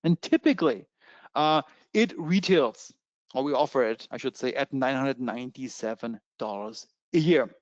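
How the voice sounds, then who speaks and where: A man with a German accent giving a fast, eager sales pitch in a trading webinar, with many fillers. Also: lively intonation, no room sound, muffled recording. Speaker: webinar presenter.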